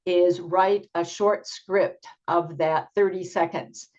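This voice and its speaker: An older woman leads an online workshop for tutors at an unhurried, patient pace, her voice sitting a little low. She explains step by step, pausing often with ums. The audio is dull and lo-fi, as from a video call. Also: fairly even intonation, a little mellow. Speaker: teacher trainer presenting a workshop.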